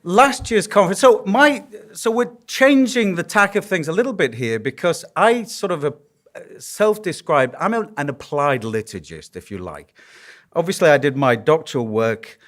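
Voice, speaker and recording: He's a priest with a Yorkshire accent, from Yorkshire, England, using self-deprecating humor in the stories of his conference lecture in a conference hall. The voice is a little high, animated and fairly bright, at a moderate pace.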